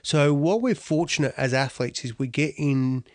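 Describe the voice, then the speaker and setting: A middle-aged Australian man, a former athlete, telling his story in a lively, slangy, self-deprecating way. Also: fairly high pitch, moderate pace, no room sound. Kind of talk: storytelling talk.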